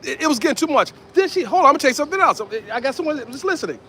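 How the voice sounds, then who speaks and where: Really high-voiced guy ranting on a city street, repeats himself a lot, faint traffic behind. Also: rapid-fire. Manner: animated, repetitive, addresses viewers as ladies and gentlemen. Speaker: independent commentator. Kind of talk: outdoor street commentary.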